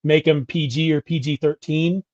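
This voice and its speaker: Middle-aged man, podcast co-host, rambling casual chat, slightly high voice, dry dull sound. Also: steady tone, moderate pace, darkish tone, no echo. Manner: rambling, self-correcting, chatty. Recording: dull lo-fi audio.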